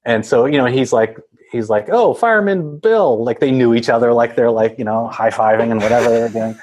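A man's voice: mid-range voice, little pitch movement, fast, darkish tone. A man casually telling a long story, rambling with many fillers and laughing as he goes. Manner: rambling, laughs often, acts out voices of others.

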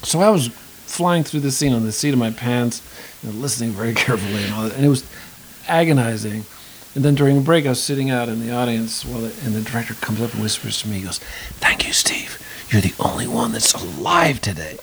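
A man's voice: medium pitch, fast, low-quality recording. Reflective middle-aged man with faint hiss. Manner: thoughtful, rambling, with frequent restarts. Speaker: actor and acting teacher. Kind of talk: conversational interview.

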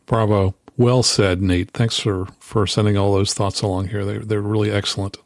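A man's voice: on the low side, flat delivery, dry recording, studio quality. A man who flies, co-hosting an aviation podcast and explaining things eagerly with frequent fillers. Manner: enthusiastic explainer, halting with fillers. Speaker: podcast co-host and pilot. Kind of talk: casual chat.

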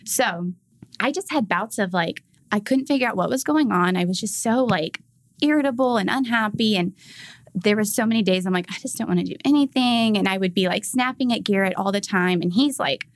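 Young mother telling lively stories. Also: fairly quick, no echo. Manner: animated, acts out quoted voices with big pitch jumps. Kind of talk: casual storytelling on a podcast.

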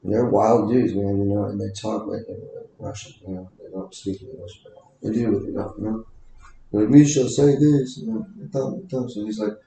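A man's voice: fairly low pitch, little pitch movement, fairly quick, gravelly, warm tone, very echoey, poor audio. A man talking in a rambling, casual way, full of fillers and restarts. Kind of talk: casual conversation.

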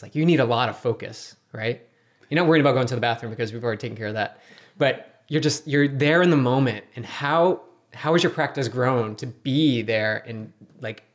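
Rambling man asking a question. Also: mid-range voice. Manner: rambling, filler "like". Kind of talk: casual interview questions.

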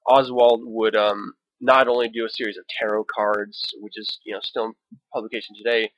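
A man's voice: on the low side, little pitch movement, normal speed, fairly bright tone, no room sound, muffled recording. A man hosting a solo podcast, talking casually, reading book passages aloud and adding wry, profane asides. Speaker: podcast host.

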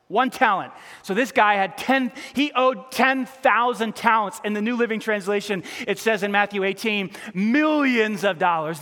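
A man preaching a sermon as a pastor, animated, acting out the voices of the people he quotes. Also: sits high. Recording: long hall reverb.

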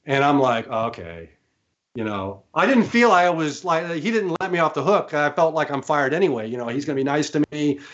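Guest, male: animated storyteller with a slightly high voice, stumbles and laughs, dull lo-fi sound. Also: fairly quick, few pauses. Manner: animated, laughs often, many restarts. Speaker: guest, studio engineer. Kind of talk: anecdotal storytelling. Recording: slightly muffled remote audio.

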